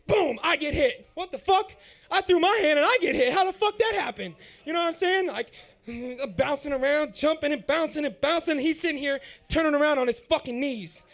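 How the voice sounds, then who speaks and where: A male comedian with a very high voice tells a profane, rambling story at an open mic. He talks fast and keeps checking in with the crowd. It sounds like a handheld mic on a comedy club stage. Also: fairly bright tone. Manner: rambling, profane, repeats "you know what I'm saying".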